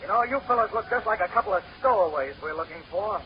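An actor playing a gruff, bossy, suspicious ship officer in 1930s radio comedy. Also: male voice, sits high, animated, fast talker, slight background noise. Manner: gruff, bossy, barking orders. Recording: muffled 1930s radio recording.

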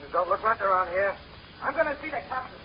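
An actor playing a gruff, bossy, suspicious ship officer in 1930s radio comedy. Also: male voice, high-pitched, expressive, fast talker, a little hiss or hum. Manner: gruff, bossy, barking orders. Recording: muffled 1930s radio recording.

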